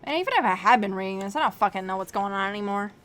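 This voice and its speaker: A woman from the United States streaming a game, chatting casually in a rambling, profane and animated way. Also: mid-range voice, racing. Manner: rambling, profane, animated, acts out quoted voices. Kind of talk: casual live-stream chat while playing. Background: faint game music.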